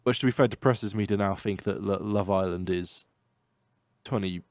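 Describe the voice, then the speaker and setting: A man's voice: lowish voice, normal speed, darkish tone, no echo. A man who is ill, explaining earnestly with asides as a podcast co-host. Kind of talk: casual chat.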